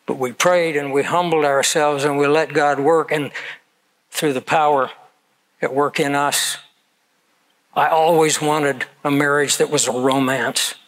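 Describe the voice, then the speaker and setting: A pastor in his seventies preaches a sermon, earnest and conversational, drifting easily into personal stories. His voice is a little higher than most men's, steady, fairly bright, and a little slow, on a low-quality recording.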